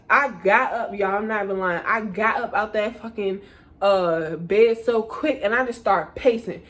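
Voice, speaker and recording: A woman's voice: medium pitch, normal speed. A woman in her twenties telling a casual storytime to her viewers, acting out her own panic in quotes and calling them y'all. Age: 20s. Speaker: vlogger. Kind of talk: storytime vlog.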